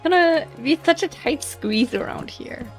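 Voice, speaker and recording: A woman's voice: sits high, lively intonation, unhurried, faint music behind. A woman with a slight German accent, thinking aloud as she hosts a casual gameplay commentary, musing and hesitant. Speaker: let's play host.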